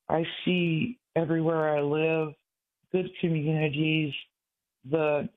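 Older man calling in on a tinny phone line. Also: on the high side. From Michigan. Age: 60s. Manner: earnest, halting, rambling. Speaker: caller. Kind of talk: call-in radio talk.

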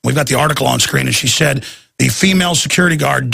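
A man's voice: medium pitch, quick pace, gravelly, pushed and bright, slightly rough, dry recording. A man hosting a talk show, ranting in a rambling monologue with stammered repeats.

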